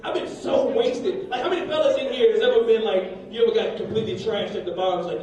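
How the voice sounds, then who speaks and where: A young man doing a rambling, crude stand-up set on a comedy club stage, swinging between loud bursts and low mutters. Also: fast talker, hardly any pauses, far from the mic. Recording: echoey club room heard from afar, crowd noise. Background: audience laughter.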